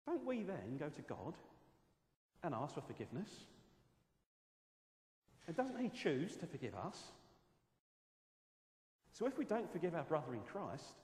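Animated male preacher in an echoey hall. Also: on the high side, normal speed, pauses often. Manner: expressive, animated storytelling with asides. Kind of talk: sermon. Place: church hall.

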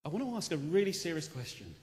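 A male preacher delivers a passionate sermon, his voice a little high for a man. He swings between loud, pressing questions and hushed reflection, with a long hall reverb trailing behind him. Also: big pitch swings, fast talker. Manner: impassioned, rising to loud rhetorical questions then dropping quiet.

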